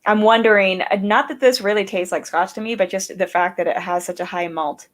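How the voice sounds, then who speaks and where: A woman hosting a live stream, chatty and quick to giggle. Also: mid-range voice, steady tone. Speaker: host. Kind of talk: casual chat on a live stream.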